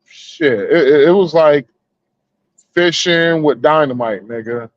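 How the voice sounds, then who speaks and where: A man's voice: a little high, slow pace, no room sound, muffled recording. Southern man, slangy podcast banter. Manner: laid-back storytelling with slang and profanity. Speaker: podcast co-host. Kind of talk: casual crude banter.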